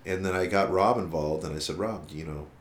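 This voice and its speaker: A low-pitched musician guest talks a little fast in a reverberant space, recounting a long story during a casual interview. He cusses freely and brings the story to life by quoting and acting out what others said.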